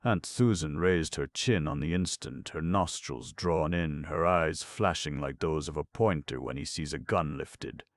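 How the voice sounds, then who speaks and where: A man narrating an audiobook in a measured storytelling manner. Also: very deep voice, dry recording, clean studio sound.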